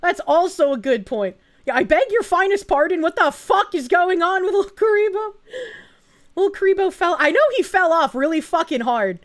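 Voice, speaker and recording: Woman streamer, high animated voice, excitable and profane, casual live chat. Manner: excitable, profane, quick reactions with frequent laughs. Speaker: VTuber streamer.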